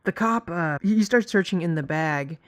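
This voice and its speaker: A young man with a slightly higher-than-usual voice tells a story in a loose, casual way. He rambles, swears freely and fills gaps with "like" and "um", often restarting his sentences. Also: moderate pace, a bit bright. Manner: rambling, profane, lots of fillers and restarts. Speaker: vlogger.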